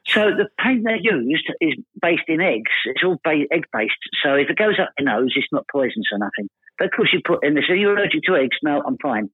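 A man from Essex with an Essex accent, telling comic anecdotes as a podcast guest, quoting people in animated voices. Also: a little high, slightly rough, dry recording. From Essex, England. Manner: rapid storytelling, animated quoting of others. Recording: tinny phone-like dry line.

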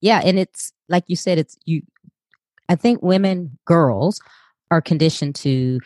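A woman's voice: on the low side, a little slow, a little mellow, no echo, clean studio sound. A woman from Chicago hosting a podcast, mostly giving short agreeing replies. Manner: supportive, brief agreeing replies. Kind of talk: casual podcast conversation.

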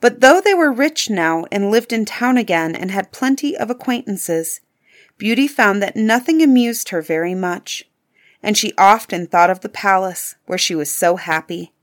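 A woman's voice: medium pitch, expressive, moderate pace. Woman reading a fairy tale aloud. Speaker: narrator. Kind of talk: storybook narration.

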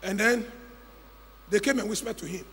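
A man preaching a sermon, telling the story dramatically and swinging from hushed tones to shouts. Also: high voice, normal speed, long reverb tail, a little hiss or hum. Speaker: pastor.

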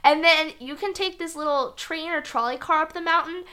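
Bubbly, bright, high-voiced woman chatting. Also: moderate pace. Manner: bubbly, chatty, lots of fillers. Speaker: podcast co-host. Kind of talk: casual travel chat.

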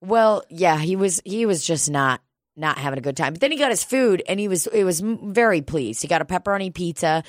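Low-voiced woman telling stories. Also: animated, a little fast, no room sound, clean studio sound. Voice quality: profane, laughs often. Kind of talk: casual storytelling chat.

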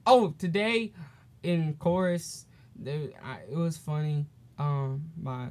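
A man's voice: a little high, slow. Rambling teenage boy podcast host. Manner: rambling and animated, with many fillers and restarts; acts out the people in his stories. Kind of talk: casual solo podcast storytelling.

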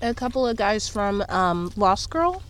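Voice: medium pitch, very animated, a little slow, fairly bright tone. A podcast guest telling a casual story, hesitant, with many fillers. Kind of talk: casual chat.

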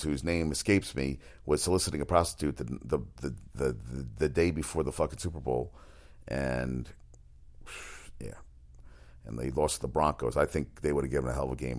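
A man hosting a casual sports talk monologue, rambling and profane, often restarting his sentences. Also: extremely low pitch. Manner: exasperated outbursts.

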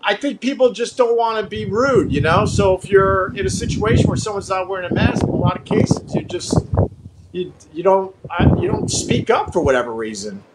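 A man hosting a casual podcast chat, joking with his guest and reading an ad slowly and deliberately. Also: high voice, lively intonation, heavy background noise. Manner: slow, drawn-out ad read, joking. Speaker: podcast host.

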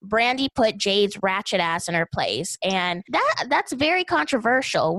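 A woman host recapping events in casual commentary, expressive and animated. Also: a little high, no room sound, poor audio. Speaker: podcast host.

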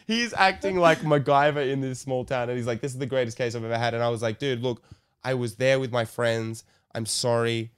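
A man's voice: medium pitch, fairly quick, clean tone. A young man telling a rambling story in casual chat, swearing and restarting often. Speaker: guest storyteller.

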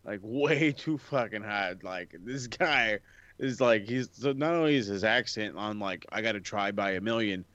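A man co-hosts a wrestling podcast with a profane, animated delivery and a lively swing in his pitch. His mic sounds dull and lo-fi, dry with no room around it. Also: moderate pace, no echo. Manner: profane, animated, puts on mocking voices in stories. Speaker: podcast co-host. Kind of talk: casual wrestling podcast chat.

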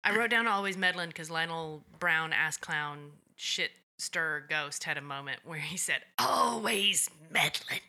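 A woman's voice: deep voice, fairly even intonation, a little slow, hardly any pauses, pushed and bright. A woman co-hosting a casual TV recap chat, blunt and profane, working from her notes.

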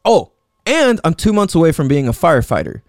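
A man's voice: on the high side, big pitch swings, a little fast, no echo, clean studio sound. A young man in his twenties telling his life story in a loose, rambling monologue, swearing often and leaning on "like" and "you know what I'm saying".

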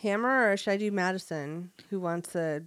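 A woman's voice: on the low side, moderate pace, clean tone, no echo. A woman co-hosting a podcast, chatting casually and giggling, with lots of "like". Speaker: podcast co-host. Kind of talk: casual chat.

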